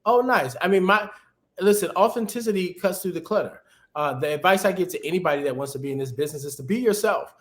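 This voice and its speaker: A man speaking casually as a guest in a webinar interview, giving animated, conversational career advice over a video call. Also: high-pitched, quick pace. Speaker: guest, TV executive producer.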